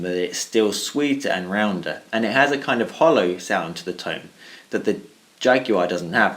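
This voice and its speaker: Male guitarist, lowish voice, measured and reflective, hedges his opinions. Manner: thoughtful and even, hedging with "I think" and "kind of". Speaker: guitarist reviewing his own tone clips. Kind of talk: measured spoken summary of a gear comparison.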